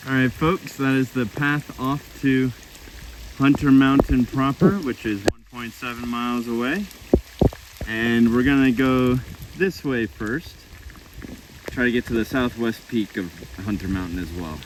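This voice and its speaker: A man vlogging a hike on a rainy mountain trail, giving relaxed, practical trail tips while out of breath. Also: mid-range voice, unhurried, background noise. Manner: relaxed, practical, self-deprecating. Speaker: hiking vlogger. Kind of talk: casual trail commentary. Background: light rain.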